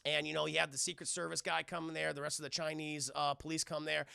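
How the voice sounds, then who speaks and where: A man's voice: on the high side, level tone, quick pace, creaky, pushed and bright, clear, resonant tone, no room sound, studio quality. A man hosting a live stream, recapping a film in a profane, rambling way and constantly addressing his chat. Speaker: streamer host.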